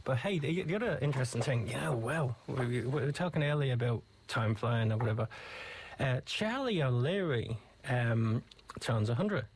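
A man's voice: medium pitch, animated, moderate pace, slight background noise. A man with an Irish accent, chatting casually and enthusiastically as a radio host between songs. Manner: rambling, conversational, enthusiastic.

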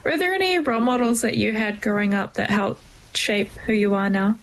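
A woman's voice: medium pitch, fairly quick, poor audio. A woman interviewing a guest, asking admiring questions. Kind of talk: interview conversation.

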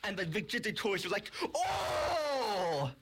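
A young storyteller making up a toy adventure, rambling and excited, with frequent restarts. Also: mid-range voice, takes it slowly, noisy background. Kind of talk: improvised storytelling.

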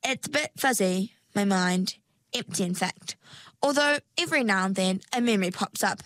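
A woman voicing a timid, polite young mergirl in a storybook, hesitant and halting. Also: medium pitch, a bit bright, dry recording, natural voice. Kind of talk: storybook reading.

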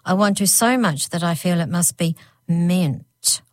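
A woman's voice: fairly low pitch, a little slow, no room sound, close to an everyday voice. Woman voicing a grim little hag girl. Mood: determined. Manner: grim, huffy, earnest. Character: small determined young girl hag.

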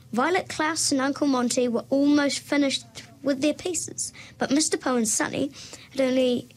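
High-voiced woman reading a storybook. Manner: relaxed, with small restarts and self-corrections. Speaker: guest reader. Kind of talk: reading a children's novel aloud.

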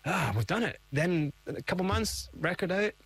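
A man's voice: high voice, lively intonation, moderate pace, a bit bright, husky. A middle-aged man, a guest in an interview, telling his story with animation and acting out the voices he quotes. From Scotland.

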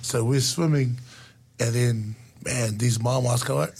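Lively man. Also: normal speed, gravelly, breathy edge. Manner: lively, laughs often, jumps into high voices for quoted lines. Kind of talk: casual storytelling chat.

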